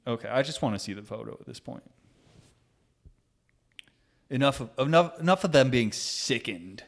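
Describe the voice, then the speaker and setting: A man's voice: mid-range voice, animated, normal speed, vocal fry, long pauses. A man co-hosting a casual reaction chat, laughing often and reading posts aloud. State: sleep-deprived. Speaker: co-host.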